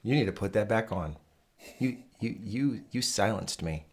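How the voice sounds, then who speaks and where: A man co-hosting a podcast in casual chat. He talks in an excitable, profane way and builds into rants. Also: fairly low pitch, normal speed, breathy edge. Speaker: podcast co-host.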